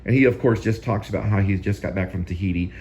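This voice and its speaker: Man, very deep voice, host, casual film commentary, rambling and repetitive. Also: quick pace, a little mellow, slight background noise. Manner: rambling, repeats himself.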